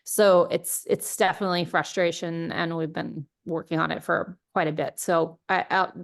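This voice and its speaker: A woman commissioner reassures a resident at a public meeting, speaking casually with many fillers. Her voice is low and flat, with a gravelly fry at its base. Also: normal speed. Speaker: neighborhood commissioner.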